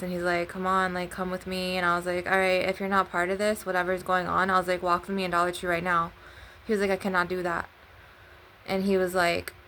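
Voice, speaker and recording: A woman with a low, gravelly voice tells a personal story in a flat, level tone. Her delivery is rambling and casual, full of swearing and retold back-and-forth dialogue. A faint background hum sits under her voice. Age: adult. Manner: rambling, profane, retells dialogue with "I'm like". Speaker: channel host.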